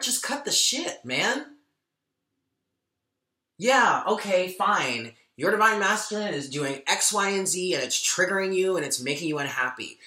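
A man talks through a tarot reading to his viewers, open and emotional, with casual swearing. His voice is bright and sharp-edged, and the room around him echoes. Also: sits high. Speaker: tarot reader.

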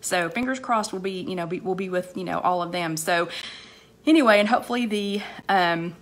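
A woman hosting a live online chat, slightly hoarse with a cold, chatting casually and rambling as she greets viewers by name between sentences, with many fillers and repeated phrases. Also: fairly low pitch, fairly quick.

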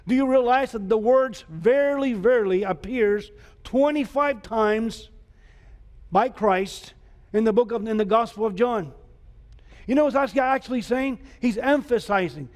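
A man's voice: very high-pitched, unhurried. A man preaching a sermon as pastor, emphatic, with repeated rhetorical questions to the congregation. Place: church sanctuary. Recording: church hall reverb.

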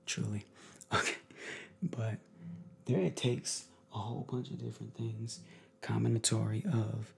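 A man chatting to viewers in a casual ASMR video, moving between soft talk and whispers, rambling, upbeat and affectionate. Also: medium pitch, gravelly, slightly rough. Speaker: ASMR creator.

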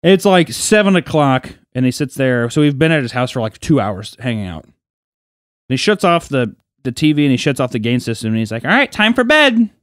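A man's voice: medium pitch, fairly quick, clear, resonant tone, dry recording, studio quality. A young man on a podcast, telling a childhood story in casual, profane chat and acting out the people in it. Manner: animated, profane, acts out quoted voices. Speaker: podcast co-host.

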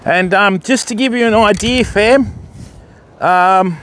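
Australian fishing host, man, high voice, matey chat, noisy beach recording. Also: slow pace, a bit bright. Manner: chatty, matey, addresses viewers directly. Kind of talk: casual live-stream chat to viewers. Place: outdoors on a surf beach.

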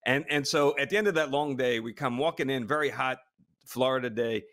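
A middle-aged man spins an anecdote in easy, casual podcast chat. He laughs often and stumbles over his restarts, with an average voice that is neither high nor low. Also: a little fast, a bit bright. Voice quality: short of stature (said), plain voice. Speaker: podcast co-host, former astronaut.

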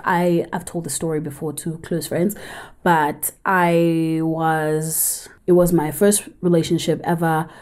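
South African woman, candid chatty vlogger, low mellow voice, emphatic storyteller. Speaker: film reviewer and vlogger. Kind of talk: casual storytelling vlog.

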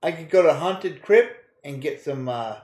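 A man's voice: fairly high pitch, animated, moderate pace, a little mellow, reverberant. A man casually commenting on a video game he plays, joking crudely, laughing often and reading game text aloud. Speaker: gaming streamer. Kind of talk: casual let's-play commentary.

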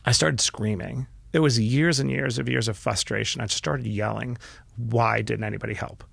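Man, middle-aged, very gravelly voice, dry close recording, earnest candid storytelling, mid pitch. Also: steady tone, moderate pace, no room sound. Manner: earnest and emotional, with frequent restarts and quiet dips. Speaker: podcast guest, entrepreneur.

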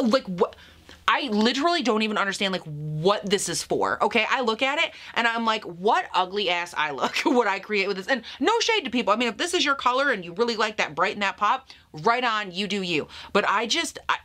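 A woman's voice: mid-range voice, bright, forceful tone. A young woman reviewing makeup in a casual vlog, gushing and sassy, calling her viewers "honey". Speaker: beauty YouTuber. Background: lawnmower noise outside.

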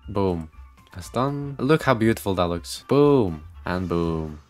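A man giving excitable gameplay commentary, reading game text aloud, reacting loudly and swearing often. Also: low voice, takes it slowly, soft background music. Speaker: gaming video creator.

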